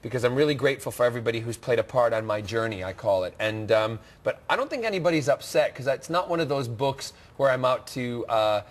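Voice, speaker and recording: A Scottish-born man in his forties speaks with an American accent as a guest on a TV studio couch. He is bubbly and chatty, laughing often and restarting his sentences as the stories tumble out. His pitch sits in a middle range for a man. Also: lively intonation, quick pace, hardly any pauses. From Scotland. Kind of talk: casual chat.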